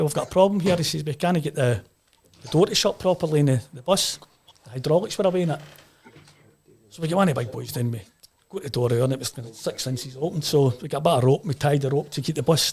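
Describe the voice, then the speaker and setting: Gravelly fast-talking Glaswegian man. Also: mid-range voice. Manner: animated storyteller, acts out voices. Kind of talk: storytelling in casual chat.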